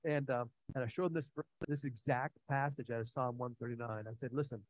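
A man's voice: mid-range voice, a little fast, poor audio. A man preaching a sermon, earnest and conversational, telling personal stories with frequent restarts and fillers. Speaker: pastor.

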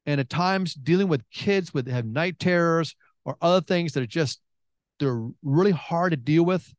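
Emphatic middle-aged preacher, slightly high voice. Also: male voice, moderate pace, no room sound. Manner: emphatic, swinging from excited bursts to hushed intensity; repeats phrases and restarts. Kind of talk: sermon.

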